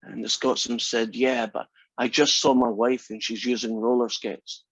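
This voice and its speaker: A man's voice: mid-range voice, level tone, moderate pace, fairly bright tone, no echo, low-quality recording. A male math instructor giving a chatty classroom lecture and joking with his students. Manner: chatty, tells jokes with asides.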